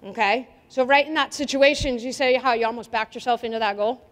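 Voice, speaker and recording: A woman soccer coach with a high voice leads players through a defending drill, calling out instructions and asking them questions. Her energetic voice rings with the long reverb of an indoor gym hall. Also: brisk. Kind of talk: coaching clinic demonstration.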